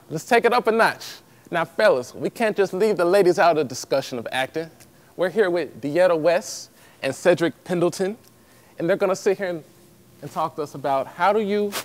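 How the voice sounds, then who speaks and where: A young man, a student host, interviewing guests in an upbeat way with short affirmations. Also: a little high. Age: young adult. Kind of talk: interview hosting.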